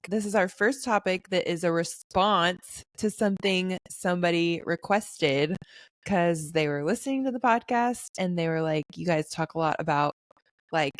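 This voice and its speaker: A woman's voice: on the low side, normal speed, no echo, clean studio sound. A young adult woman hosting a podcast, chatting casually with friends, often laughing and trailing off into asides. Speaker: podcast host.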